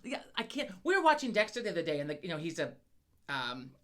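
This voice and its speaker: A woman's voice: on the low side, sing-song, fast talker, a bit bright. A woman co-hosting a casual podcast chat, telling a profane story with lots of laughter. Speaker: podcast co-host.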